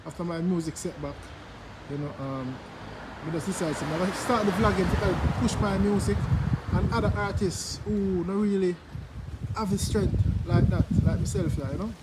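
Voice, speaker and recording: A man's voice: high voice, moderate pace. A Jamaican man hosting his own vlog in casual promotional chat, laid-back and easygoing, often dropping "yeah, man" and "you see me". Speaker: vlogger host. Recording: loud vehicle noise behind.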